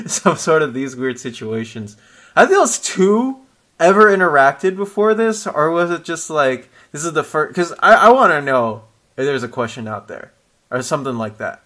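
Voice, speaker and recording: A man co-hosting a casual chat about comics, animated and quick to laugh, often restarting his sentences. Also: a little high. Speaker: podcast co-host discussing comics.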